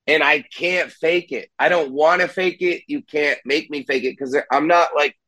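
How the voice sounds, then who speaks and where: A man's voice: on the high side, normal speed, pushed and bright, dry recording, poor audio. A young man, a musician who also hosts a podcast, talking candidly on a video call. He swears freely and acts out the people he quotes. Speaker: podcast host and band musician, guest here. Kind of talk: casual podcast chat.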